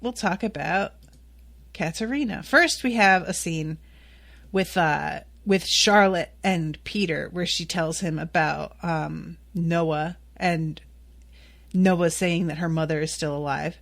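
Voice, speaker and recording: Woman, podcast host, solo recap, slow pace, candid, occasional swearing. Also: on the low side, vocal fry, fairly bright tone. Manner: candid, swears, exasperated asides.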